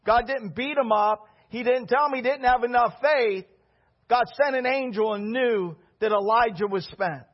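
Husky high-voiced preacher man. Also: normal speed, highs cut off. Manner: animated preaching with rhetorical questions and shouted peaks. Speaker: pastor. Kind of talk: sermon.

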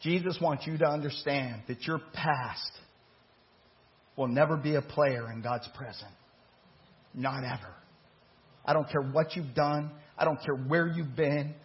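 A male pastor preaches to his congregation, voicing the people in his story as he builds toward each point. His voice sits a little high for a man, and the recording is dull and lo-fi. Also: a little slow, pauses often. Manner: preaching with rising emphasis and dramatized quotes. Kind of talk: sermon. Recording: muffled lo-fi church recording.

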